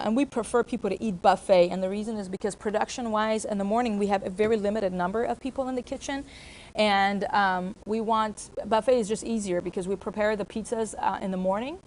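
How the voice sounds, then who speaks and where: Against slight background noise, a medium-pitched woman gives a staff training talk as a restaurant trainer. Her explanations of procedures are sprinkled with fillers, and she corrects herself as she goes.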